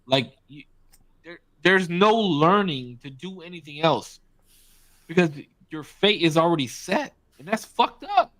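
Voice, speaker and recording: A man's voice: a little high, animated, unhurried, fairly bright tone. A man co-hosting a podcast in casual chat, blunt and profane, talking with emphasis. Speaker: podcast co-host.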